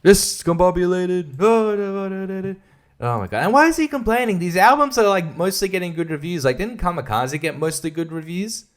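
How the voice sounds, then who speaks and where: A man's voice: high-pitched, expressive, brisk. A man giving a casual, sweary, sarcastic album review, often laughing at his own jokes. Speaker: music reviewer.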